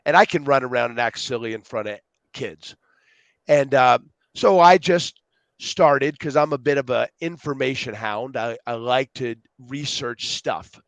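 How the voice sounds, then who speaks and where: A man as a podcast guest telling stories in a rambling, animated way, acting out dialogue and jumping between tangents. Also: medium pitch, measured pace, creaky, no room sound. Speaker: podcast guest, youth speaker. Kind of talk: casual storytelling interview.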